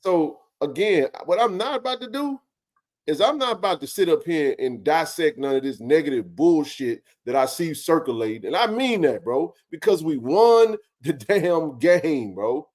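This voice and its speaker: A man's voice: fairly high pitch, very animated, normal speed, darkish tone. A man hosting a casual sports talk show, ranting passionately and swearing freely about his team's fans.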